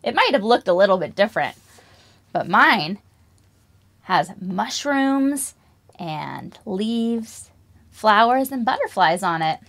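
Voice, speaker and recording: A woman's voice: medium pitch, expressive, slow, pauses often, fairly bright tone. A young woman leading a preschool music lesson, singing and talking to toddlers with exaggerated wonder and lots of questions. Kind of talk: children's lesson, singing and toy play.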